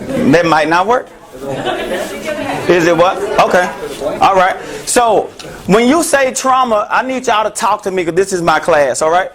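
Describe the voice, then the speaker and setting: A man giving an interactive health talk to a live audience, joking and asking the room questions. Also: high voice. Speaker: mental health speaker.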